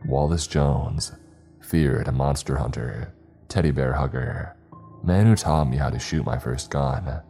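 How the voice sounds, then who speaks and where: Male horror-story narrator, very low and warm, wry casual delivery.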